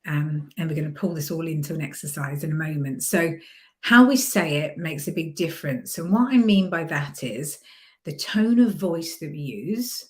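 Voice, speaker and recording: A woman with a fairly low voice coaching listeners on a podcast. Her delivery is calm and encouraging, and she at times eases into a soft, gentle hypnotherapy tone to lead a guided visualization. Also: moderate pace. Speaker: mindset coach.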